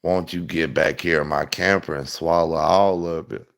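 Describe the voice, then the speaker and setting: Guy putting on a low slow leering backwoods dude, sleazy drawl, kinda deep. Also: fairly even intonation, vocal fry. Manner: slow, wheedling, suggestive drawl.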